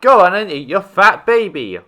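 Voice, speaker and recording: A man voicing a big, timid male lion who wants to act fierce, in a raised, lively voice. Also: high-pitched, moderate pace, voice pushed up, full character voice. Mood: eager.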